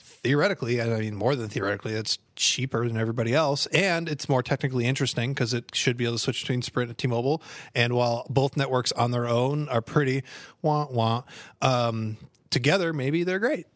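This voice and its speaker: A man co-hosting a casual podcast, explaining details of a phone service in a plain, steady way. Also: mid-range voice, brisk, no echo. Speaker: tech podcast co-host. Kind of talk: casual group chat.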